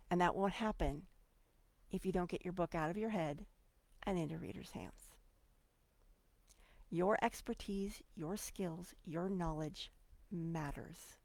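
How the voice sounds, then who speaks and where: A middle-aged woman hosting a motivational solo talk, animated and playful, swinging between loud bursts and quiet asides. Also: lowish voice, gravelly, no room sound. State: getting emotional. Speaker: podcast host.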